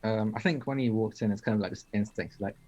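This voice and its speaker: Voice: mid-range voice, fast, a little mellow, lo-fi sound. A tabletop game player describing their character's actions in a hesitant, stammering way.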